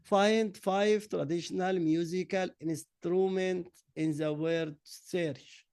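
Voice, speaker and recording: A man's voice: sits high, fairly even intonation, darkish tone, clear, resonant tone, no room sound. A man who is a native Arabic speaker with an Egyptian accent, teaching an English workbook lesson and reading answers out one word at a time. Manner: slow, drilling answers word by word.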